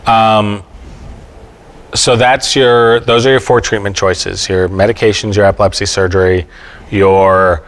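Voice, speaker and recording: A man with a somewhat low voice explains medical treatments on an expert panel. He talks plainly and patiently, with frequent fillers and quick check-ins with his listeners. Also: flat delivery. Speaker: epileptologist speaking on an expert panel. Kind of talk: explanatory panel talk to families. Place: event panel before an audience.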